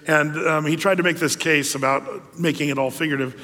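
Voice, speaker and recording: A man's voice: on the high side, steady tone, brisk, bright, forceful tone, long reverb tail. A man preaching a sermon as a pastor, talking in a loose, conversational way with frequent fillers and asides.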